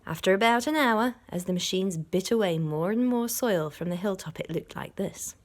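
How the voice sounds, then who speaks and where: A woman, a primary school teacher, reading a storybook aloud to children in an expressive way, stopping to explain words. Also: mid-range voice, normal speed.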